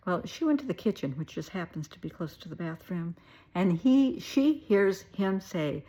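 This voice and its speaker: A woman's voice: on the low side, animated, normal speed, mellow. A middle-aged woman therapist with a Southern US accent, telling a story with emphatic, wry asides. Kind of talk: storytelling advice video.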